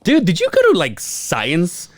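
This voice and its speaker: A man's voice: high-pitched, a little slow, dry recording, studio quality. A man telling stories in casual podcast chat, swearing and laughing often. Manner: animated storyteller, swears and laughs a lot. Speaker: podcast co-host.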